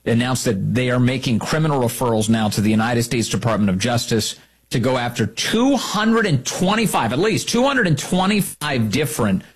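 A man's voice: medium pitch, big pitch swings, normal speed, slightly rough. A man hosting a talk show, delivering an emphatic, opinionated monologue and repeating key lines for effect.

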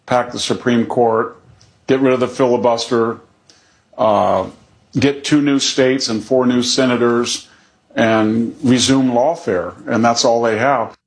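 A man answering as a guest in a television interview, listing his points in a calm, measured way. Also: medium pitch.

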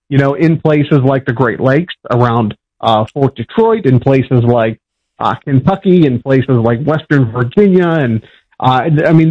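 A man from Pittsburgh, a historian answering interview questions in a plainspoken, explanatory way with frequent fillers. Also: medium pitch. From Pittsburgh, USA. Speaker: historian guest. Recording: dull lo-fi sound.

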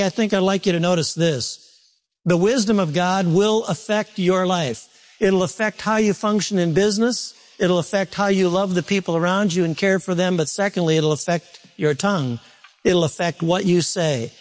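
A man's voice: high-pitched, normal speed. A male pastor preaching a sermon in a church, conversational and self-deprecating, often restarting his sentences.

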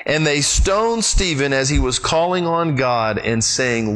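A pastor preaching a sermon, retelling the story with lively, sweeping swings in his voice and speaking straight to his congregation. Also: unhurried. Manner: animated storytelling with big pitch swings; addresses the congregation directly.

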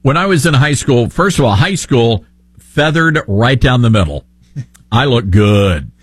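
A man's voice: mid-range voice, animated, moderate pace, husky, no echo. A middle-aged man hosting talk radio, opinionated, sarcastic and joking. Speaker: radio talk show host.

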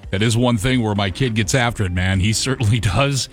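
A man's voice: on the low side, a little fast, faint music behind. A man co-hosting a radio show, conversational and agreeable, chiming in and laughing along. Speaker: radio co-host. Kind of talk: casual radio banter.

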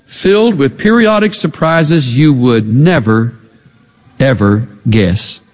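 A man preaching a sermon, animated and emphatic, pressing his listeners with pointed rhetorical questions. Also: sits high. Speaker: pastor. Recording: echoey hall.

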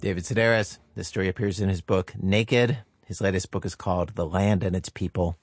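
A man hosting a radio program who announces what is coming up in a brisk, matter-of-fact way. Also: low-pitched, steady tone, breathy edge, no echo, clean studio sound, faint music behind. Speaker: radio host. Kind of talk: on-air announcement. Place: radio studio.

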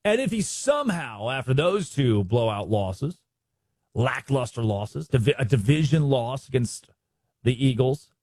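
A man hosting a sports talk show, giving animated, opinionated commentary and mocking the people he talks about. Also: mid-range voice, a little slow, breathy edge, no room sound. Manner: animated, mocking impressions of others.

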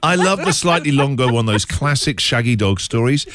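A male radio breakfast host bantering with callers, quick with teasing asides. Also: mid-range voice, animated, fairly bright tone.

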